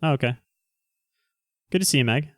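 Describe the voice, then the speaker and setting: A man hosting a live stream, chatting casually and rambling through quick asides to his viewers. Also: mid-range voice, dry recording, clean studio sound. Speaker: livestream host. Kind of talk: casual livestream chat.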